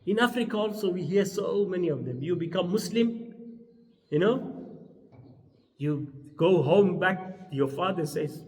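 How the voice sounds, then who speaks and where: A man's voice: high voice, animated, measured pace, long pauses, a little mellow. A man giving a philosophy lecture, emphatic and repeating his key words as he acts out short quoted exchanges. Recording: far from the mic in a reverberant hall.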